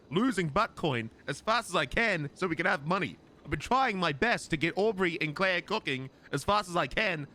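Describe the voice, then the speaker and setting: A man's voice: on the high side, sharp tone. A man speaking in character in a gang roleplay, exasperated and defensive, swearing and stammering when worked up.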